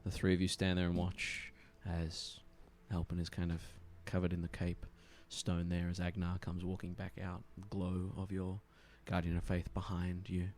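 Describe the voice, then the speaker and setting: A man narrating a tabletop game as game master, in a calm, steady way. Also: low-pitched, normal speed, hardly any pauses, a little hiss or hum.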